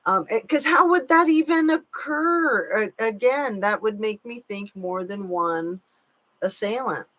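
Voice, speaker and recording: A woman with an animated, fairly bright mid-range voice hosts a casual live chat at a measured pace. Chatty, she reads viewer comments aloud and carefully hedges her points.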